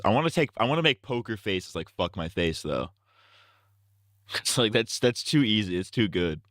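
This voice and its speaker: A man streaming, talking to himself as he works out parody song lyrics, trying lines out loud with bursts of sung falsetto. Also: big pitch swings, normal speed, no room sound, studio quality. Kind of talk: casual livestream chat.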